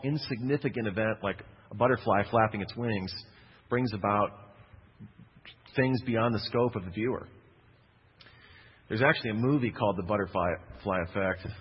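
Low husky guy preaching, chatty w jokey asides, dull muffled sound, long hall echo. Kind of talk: sermon with personal storytelling.

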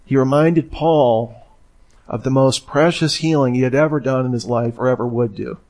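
A man's voice: mid-range voice, normal speed, darkish tone. A man preaching a sermon in a conversational teaching manner, acting out the lines he quotes. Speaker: pastor.

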